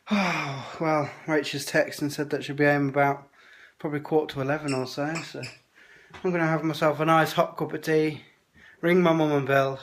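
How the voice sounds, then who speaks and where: Family vlogger in his 30s, casual chatty grumbling, phone-recorded at home with faint hiss. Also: a little high. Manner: chatty, grumbling, indignant asides. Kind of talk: casual vlog chat. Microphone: phone held at arm's length.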